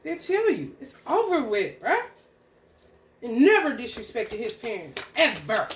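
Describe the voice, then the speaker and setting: A woman's voice: fairly high pitch, wildly swooping pitch, unhurried, echoey room, slight background noise. A woman ranting angrily, confrontational and full of swearing. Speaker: spiritual content creator. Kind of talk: profane stream-of-consciousness rant.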